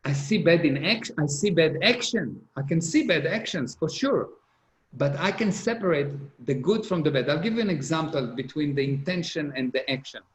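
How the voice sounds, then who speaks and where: A man's voice: a little high, expressive, normal speed. A middle-aged man giving a motivational seminar talk, earnest and repetitive, speaking English with non-native grammar. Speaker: business speaker. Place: conference hall. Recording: roomy hall echo.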